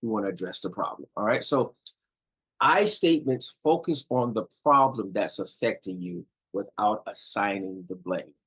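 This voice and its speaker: Man, husky voice, middle-aged, relationship coach, emphatic, repeats himself, checks in with listeners. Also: on the low side, animated, moderate pace, fairly bright tone, rough recording. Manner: emphatic, repeats points, asks "all right?". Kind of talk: casual instructional talk to viewers.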